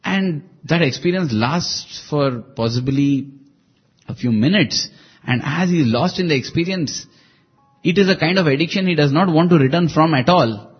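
Guy telling a spiritual story, earnest, kinda high voice, dull muffled audio. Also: slightly rough. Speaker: devotional speaker. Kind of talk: devotional storytelling.

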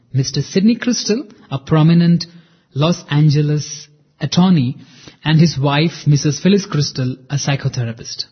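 A man's voice: fairly high pitch, breathy edge. A man narrating a devotional story in an earnest, dramatic way, reading quotes in the first person. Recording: muffled lo-fi recording.

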